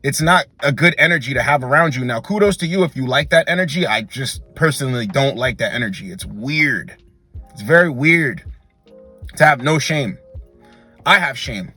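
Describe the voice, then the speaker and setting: Blunt, husky-voiced young man giving advice. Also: medium pitch, expressive, moderate pace, bright, forceful tone, faint music behind. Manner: blunt, emphatic, keeps calling the listener bro. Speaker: dating advice host. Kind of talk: direct-to-camera advice monologue.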